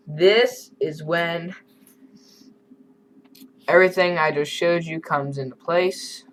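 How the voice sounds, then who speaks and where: A man's voice: on the high side, steady tone, takes it slowly, pauses often, fairly bright tone, a little hiss or hum, low-quality recording. Casual man teaching a Spanish lesson. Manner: casual, conversational teaching with asides. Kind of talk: screen-recorded online lesson.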